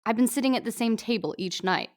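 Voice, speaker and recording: A woman voicing a brash young female singer with a put-on Australian accent, talking bluntly and deadpan. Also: on the high side, fast talker, pitched above the performer's own voice, natural voice.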